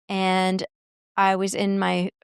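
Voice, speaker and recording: A woman guest in a podcast interview, telling workplace stories in an animated way and acting out quoted dialogue. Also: mid-range voice, slow pace, creaky, smooth, no room sound, clean studio sound. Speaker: guest, marketing executive and coach.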